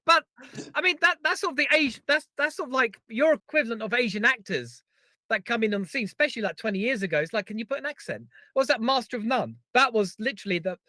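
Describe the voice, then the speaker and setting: A man co-hosting a podcast, telling stories in a lively, teasing way. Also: very high-pitched, fast talker, dry recording. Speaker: podcast co-host. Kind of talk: casual podcast chat.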